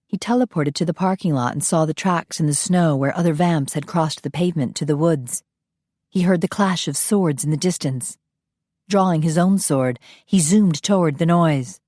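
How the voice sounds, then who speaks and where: Audiobook narrator, woman, low voice, dry close recording, measured reading. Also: dark tone, dry recording. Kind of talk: scripted narration.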